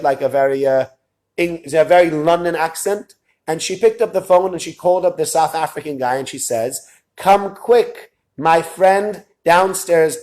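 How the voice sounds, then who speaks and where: Man telling a story, fairly high voice. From lives in Israel. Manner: animated, quotes others in lowered voices. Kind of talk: casual storytelling talk.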